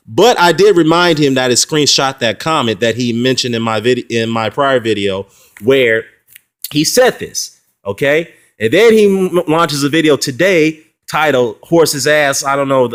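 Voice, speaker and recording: A man's voice: mid-range voice, animated, moderate pace, fairly bright tone. A man talking in a heated, mocking vlog rant, with frequent fillers and short laughs. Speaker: boxing commentary vlogger. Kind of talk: casual ranting response video.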